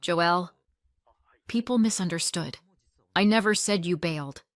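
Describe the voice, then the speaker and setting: A woman's voice: lowish voice, a little slow, dry recording, lightly acted. A woman voicing a manipulative sister whose syrupy, defensive tone turns snappish. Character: manipulative, sugary sister turning sharp.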